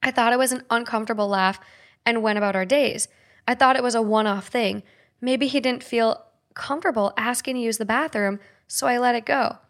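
A young woman with a fairly high voice hosts a relaxed podcast. She reads listener posts aloud with an expressive, easygoing delivery. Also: fairly quick. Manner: laughs easily, reacts expressively. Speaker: podcast host. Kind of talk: casual chat and reading listener posts.

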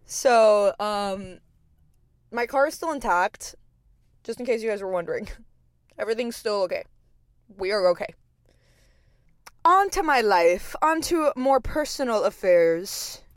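A woman's voice: mid-range voice, a little slow, long pauses, no room sound, clean studio sound. A young adult woman hosting a podcast in a casual, rambling monologue, full of profanity and fillers, and telling stories expressively. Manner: expressive storyteller. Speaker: podcast host.

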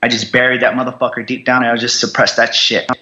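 A man's voice: mid-range voice, little pitch movement, fast, sharp tone, muffled recording. A man who served in war, telling his recovery story bluntly, swearing constantly and repeating himself for emphasis. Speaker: military veteran guest. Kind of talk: candid conversational storytelling.

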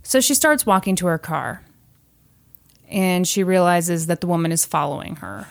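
On a podcast she hosts, a woman with a lowish, creaky voice recounts a creepy true story at a moderate pace in casual chat. She's an animated storyteller who acts out the voices of the people involved.

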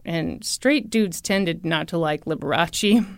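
A woman co-hosting a podcast, telling a story in casual chat with a playful, animated manner. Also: on the low side, takes it slowly, dry recording, clean studio sound. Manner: animated, playful, breaks into laughter. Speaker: podcast co-host.

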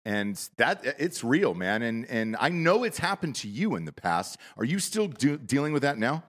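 A man's voice: medium pitch, very animated, moderate pace, fairly bright tone. A man hosting a podcast, talking loosely and casually with profanity. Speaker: podcast host. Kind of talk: casual chat.

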